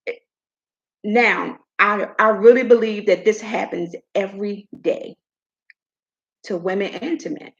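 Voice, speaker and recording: A middle-aged woman hosting a casual chat, telling a personal story in an animated way and acting out what others said. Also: mid-range voice, measured pace, gravelly, pauses often, muffled recording. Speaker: host.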